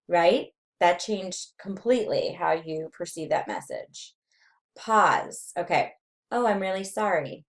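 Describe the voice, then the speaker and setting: A woman lecturing nursing students, reading through slide points with frequent fillers and pauses. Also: on the low side, expressive. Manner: reads slide points aloud with many fillers. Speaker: nursing instructor. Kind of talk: recorded lecture.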